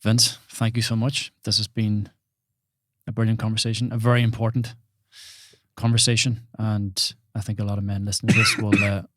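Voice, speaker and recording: A man's voice: on the low side, level tone, normal speed, fairly bright tone, no echo, studio quality. A man hosting a podcast, closing an interview with affirming remarks and thanks. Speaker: podcast host. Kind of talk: interview wrap-up.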